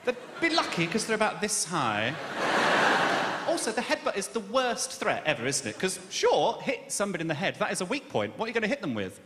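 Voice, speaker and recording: A man from Birmingham doing a stand-up comedy set, camp and self-mocking with a quick delivery. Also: high voice, big pitch swings. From Birmingham, England. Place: large echoing live comedy venue. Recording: echoey hall with loud noise.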